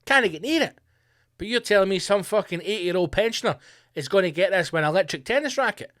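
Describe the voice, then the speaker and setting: A man's voice: high-pitched, animated, fast, a bit bright. A man hosting a podcast, delivering a profane, mocking comedic rant. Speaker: podcast host.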